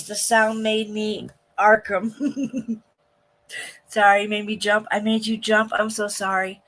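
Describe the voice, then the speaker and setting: A woman's voice: a little high, fairly bright tone. A woman hosting a casual livestream reaction to a court broadcast, talking bluntly to her chat, venting indignantly and swearing often. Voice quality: blunt and profane, with frequent swearing. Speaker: livestream host.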